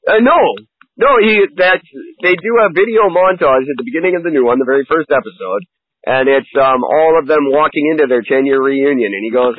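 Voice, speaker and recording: Animated husky man on a tinny line. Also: mid-range voice, a little fast, no room sound. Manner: enthusiastic, animated storytelling. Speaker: podcast co-host. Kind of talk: casual chat.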